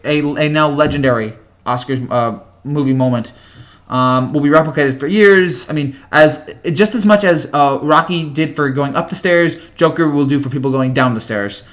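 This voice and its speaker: Fast-talking young man rambling on a livestream. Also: fairly high pitch, fairly bright tone. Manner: rambling, stammering restarts, many fillers. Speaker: livestream host. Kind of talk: casual live chat reading viewer comments.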